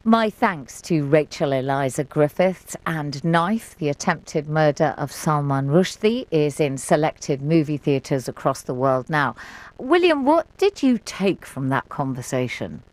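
An English woman presenting a radio arts programme, crisp and measured as she hands over between guests. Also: low voice, animated, a little mellow, no room sound. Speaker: radio arts show host.

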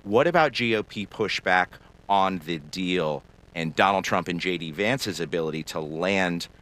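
A man's voice: low-pitched, animated, moderate pace, fairly bright tone. A man hosting a political news panel, reading scripted news and putting questions to panelists. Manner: crisp, scripted delivery that hands questions to panelists. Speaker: news show host. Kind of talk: broadcast news moderation.

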